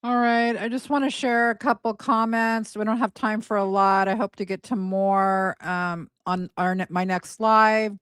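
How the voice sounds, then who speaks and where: A woman's voice: mid-range voice, little pitch movement, measured pace, few pauses, smooth, dry recording. A woman in her forties hosting a casual live stream, chatty and blunt, scornful as she reads viewer comments aloud. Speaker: host.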